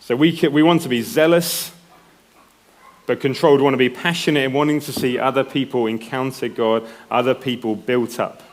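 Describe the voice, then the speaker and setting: A man's voice: mid-range voice, fairly even intonation, a little fast. A man preaching a sermon in a conversational way, often checking in with the congregation. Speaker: pastor.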